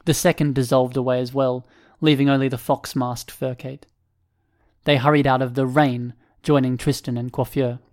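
Reading from a script, a male narrator delivers an audiobook at medium pitch with a calm, even pace.

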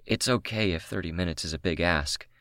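A man reading the lines of a shy, gentle young man, in a soft and breathy way. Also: low-pitched, fairly quick, no room sound, clean studio sound.

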